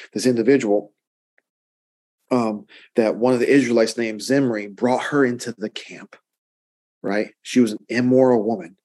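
A man's voice: mid-range voice, a little mellow. A male pastor teaching through a Bible chapter in a conversational way, often checking in with listeners and building emphasis through repetition. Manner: conversational, checks in with "right?" and stacks emphatic repeats.

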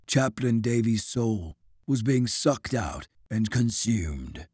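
A male audiobook narrator reads with dramatic, lively swings of pitch. His voice is slightly husky, recorded close and dry. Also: takes it slowly, no echo. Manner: dramatic, expressive reading. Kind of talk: scripted narration.

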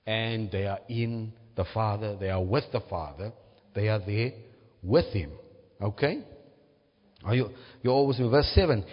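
A man's voice: lowish voice, measured pace, pauses often. A man preaching a teaching sermon, often checking in with his listeners. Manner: teaching, asks "right?" to check understanding. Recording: muffled, reverberant hall.

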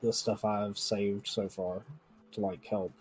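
A young man co-hosting a casual podcast, talking in a relaxed, rambling way with lots of fillers. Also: on the low side, slow, husky, low-quality recording. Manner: laid-back, rambling with fillers. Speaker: podcast co-host. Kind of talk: casual chat.

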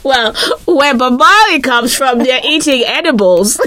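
Bright, high-voiced playful woman host. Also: expressive, measured pace. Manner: playful, teasing, exaggerated enthusiasm. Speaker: podcast host. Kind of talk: casual interview chat.

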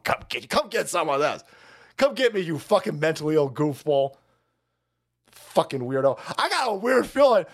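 A man hosting a livestream, ranting and mocking in a foul-mouthed way. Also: high-pitched. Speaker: livestream host. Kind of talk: profane political rant on a livestream.

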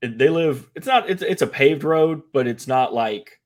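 A young man from the American Midwest, co-hosting a casual podcast and telling stories with lively, acted-out quotes. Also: normal speed. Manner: animated storyteller, acts out quotes in a high voice. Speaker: podcast co-host. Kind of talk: casual chat.

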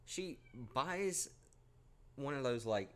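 A man's voice: mid-range voice, takes it slowly, clean tone. A young man hosting a podcast, casually telling a spooky personal story with lots of swearing. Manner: profanity-laced, animated retelling. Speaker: podcast host.

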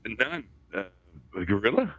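A man doing a terse deep-voiced woodsman. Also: very animated, a little slow, a bit bright, no echo, highs cut off, exaggerated voice. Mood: calm.

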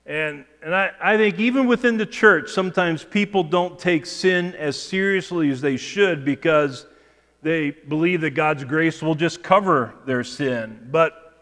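A pastor preaching a sermon in a measured way, often repeating words as he restarts a phrase. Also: a little high, fairly bright tone, in a large hall. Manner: measured preaching with frequent word repetitions and restarts. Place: church sanctuary.

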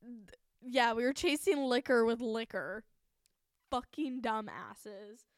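A woman's voice: fairly high pitch, slow, no echo, clean studio sound. A woman in her twenties hosting a podcast, telling a story in a chatty, profane way and laughing often. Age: 20s. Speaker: podcast host. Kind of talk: casual storytelling.

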